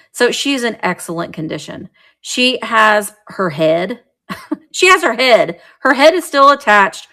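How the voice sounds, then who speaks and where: Her voice is mid-range and gravelly yet fairly bright as this woman hosts a vintage sale live stream. She talks casually and describes every item while handling it.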